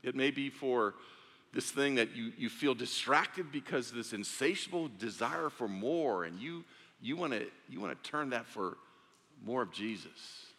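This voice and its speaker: A man's voice: medium pitch, lively intonation, unhurried. A male pastor preaching an earnest, conversational sermon in a church. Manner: earnest, conversational, with restarts and soft drops. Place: church sanctuary. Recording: echoey church sanctuary.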